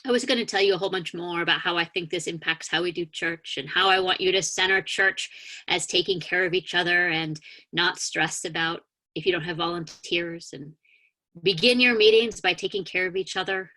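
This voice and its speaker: A woman minister giving a sermon over a video call, gently guiding a grounding meditation with calm, inviting words and a few soft hesitations. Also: fairly low pitch, fairly quick. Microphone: video call mic.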